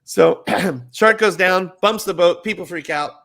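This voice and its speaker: Animated, bright-voiced man telling ride stories. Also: a little slow, creaky. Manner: animated, acts out riders' squeals in a high voice. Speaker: guest, former ride skipper. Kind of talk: casual storytelling interview.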